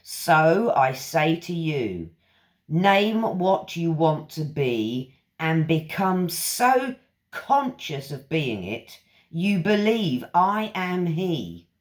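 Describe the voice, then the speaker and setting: A woman's voice: sits low, very animated, extremely slow. A woman hosting a channel, reading lecture passages aloud and stopping to reflect on them. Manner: reflective, stops to comment between quoted passages.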